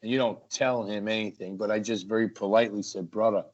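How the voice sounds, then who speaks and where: A man, a wrestler, telling stories from the ring as a guest in an energetic, animated way. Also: lowish voice, quick pace. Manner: energetic, acts out ring action. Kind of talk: animated storytelling. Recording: lo-fi muffled audio.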